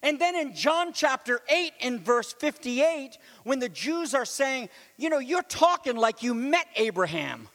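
High-voiced man preaching in an echoing hall. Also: a little slow, hardly any pauses. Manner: animated, swings from loud to near whisper; conversational asides to the congregation. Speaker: pastor. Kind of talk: sermon.

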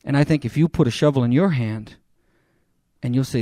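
A man's voice: medium pitch, very animated, normal speed, darkish tone, no room sound, studio quality. A male pastor preaching a sermon in an earnest, conversational way, speaking directly to his congregation.

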